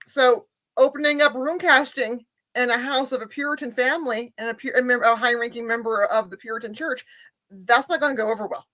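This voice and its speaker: A woman guest author in casual conversation, speaking haltingly and repeating words as she thinks. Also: fairly high pitch, fairly even intonation, a bit bright.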